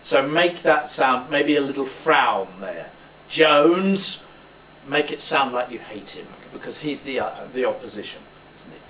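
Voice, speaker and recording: A man's voice: medium pitch, expressive, normal speed, pushed and bright. A male drama teacher coaching a student through a speech, encouraging him and demonstrating lines aloud. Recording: roomy, distant mic, faint background noise.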